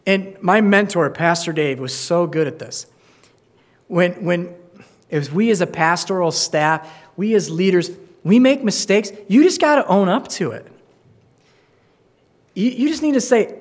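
A man with a high voice gives an earnest sermon as a pastor. He often restarts his words and slips into acted-out quoted voices while explaining scripture. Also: unhurried, pauses often. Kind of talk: sermon with Bible reading.

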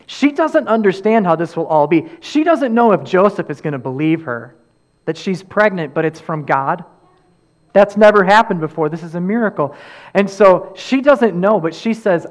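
Male pastor, sermon, earnest delivery, repeats phrases for emphasis, slightly high voice. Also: expressive, normal speed.

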